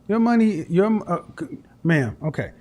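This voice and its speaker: A man's voice: high-pitched, very animated, unhurried, a little mellow, slight background noise. A man hosting a call-in advice show, talking to a caller in a blunt, lecturing way. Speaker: dating coach host of a call-in show.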